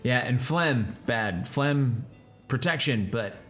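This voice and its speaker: A man's voice: medium pitch, lively intonation, slow, fairly bright tone, faint music behind. A man from Texas, a streamer and voice actor, chatting casually about voice acting and answering his viewers in a rambling way. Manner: rambling, explains while talking to chat.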